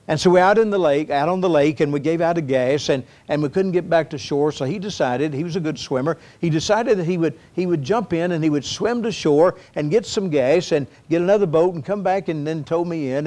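A man's voice: a little high, brisk, hardly any pauses, a little mellow. A man preaching a sermon, telling a story earnestly with many repetitions and building to fervent appeals. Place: church sanctuary.

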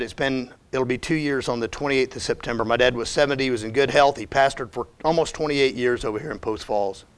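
A middle-aged male pastor preaching a sermon. He is emphatic and personal, and swings between hushed confiding and raised emphasis. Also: mid-range voice.

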